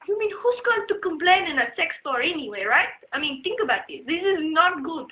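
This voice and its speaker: High-voiced woman telling a rowdy story. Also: fairly quick. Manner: animated, laughing, profane. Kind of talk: casual storytelling. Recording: echoey, dull lo-fi audio.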